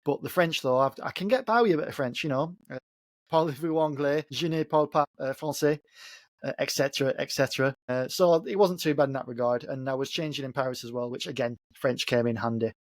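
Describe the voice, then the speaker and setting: A man's voice: mid-range voice, fast, hardly any pauses, no echo, studio quality. A man co-hosting a podcast in casual chat, reflecting on travel and asking his partner follow-up questions. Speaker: podcast co-host.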